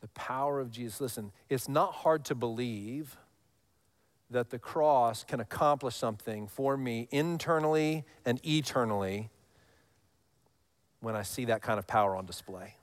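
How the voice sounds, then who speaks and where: A man in his thirties preaching a sermon, telling stories with animated highs and dropping to a hush for scripture lines. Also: normal speed. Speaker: pastor.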